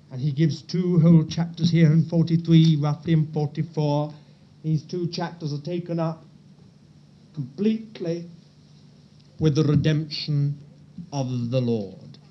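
A preacher giving a sermon in an earnest, pleading way, talking straight to the listeners and swinging from loud, stressed words to hushed near-whispers. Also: medium pitch, lo-fi sound, slight background noise.

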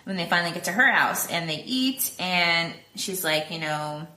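A woman's voice: fairly low pitch, animated, normal speed, bright, forceful tone. A woman co-hosting a podcast, recapping a film plot casually in a rambling way, full of fillers and acted-out quotes. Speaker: podcast co-host. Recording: echoey room.

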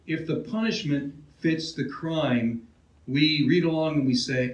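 A man's voice: on the high side, normal speed, dull audio. Conversational male preacher in a roomy hall. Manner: conversational, repeats and restarts phrases, asks the listeners questions. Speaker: pastor. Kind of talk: expository sermon. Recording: roomy, heard from a distance.

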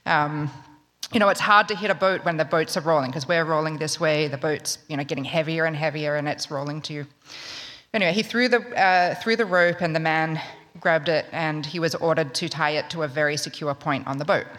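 A woman's voice: deep voice, steady tone, a little fast, fairly bright tone, big-room sound. A woman telling a true story live, in a wry, conversational, self-mocking way. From Australia.

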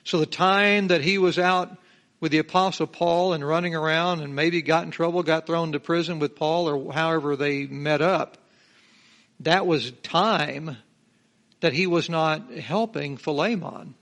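A man's voice: a little high, steady tone, unhurried, a bit bright. A middle-aged male pastor teaching a Bible passage verse by verse, emphatic, drawing out key words and asking the congregation rhetorical questions.

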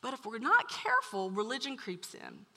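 A woman preaching a sermon to a room, telling a story with animated swings from loud to hushed. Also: a little high, moderate pace, vocal fry. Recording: long hall reverb.

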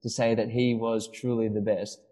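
A man's voice: lowish voice, level tone, moderate pace, dark tone, rough recording. A man co-hosting a casual podcast, telling a long story with many restarts and fillers. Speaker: podcast co-host. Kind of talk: casual chat.

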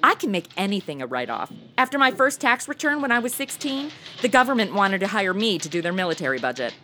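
A woman's voice: medium pitch, sing-song, quick pace, bright, forceful tone, soft background music. A woman acting a wisecracking sidekick in a comedic audio drama, full of sarcastic quips. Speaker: reporter's sidekick.

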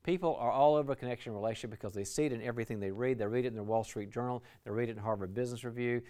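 A man's voice: mid-range voice, fairly even intonation, racing, warm tone. A man giving a lecture on team relationships, enthusiastic, acting out short dialogues as examples. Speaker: leadership speaker. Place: lecture venue.

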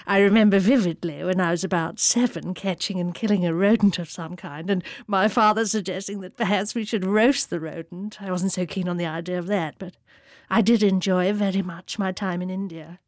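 A woman's voice: lowish voice, fairly even intonation, fairly quick, no echo, studio quality, close to an everyday voice. A woman playing an elderly, genteel romance novelist who talks in a prim, rambling, way. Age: older. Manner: prim, rambling, colonial-era posh. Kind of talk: comic interview sketch.

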